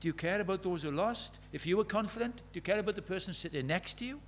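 A man's voice: high-pitched, lively intonation, fast, a little hiss or hum. A man preaching a sermon, earnest and questioning, retelling conversations as dialogue.

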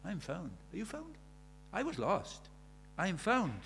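A man preaching a sermon, animated, shifting from loud emphatic lines to quiet asides. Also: sits high, measured pace, vocal fry, a little hiss or hum.

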